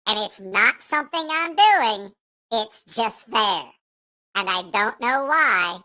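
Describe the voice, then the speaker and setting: A man's voice: high-pitched, expressive, slow, sharp tone, pitched above the performer's own voice, heavily acted. A man putting on a twangy "bad voice" with a Southeast Ohio accent, talking casually on a livestream. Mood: drawling. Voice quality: strong rural twang. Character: man's twangy put-on "bad voice", higher and slow.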